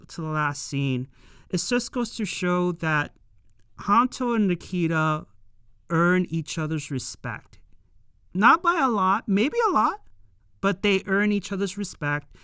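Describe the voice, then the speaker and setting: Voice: medium pitch, a bit bright, clear, resonant tone, dry recording, studio quality. A reviewer recapping a show episode in a loose, rambling way, full of fillers and casual paraphrase.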